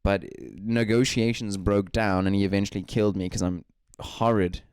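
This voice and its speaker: A man's voice: on the low side, fairly even intonation, moderate pace, a little mellow, smooth, no echo, studio quality. A man co-hosting a casual gaming podcast, telling rambling stories and laughing often. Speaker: podcast co-host.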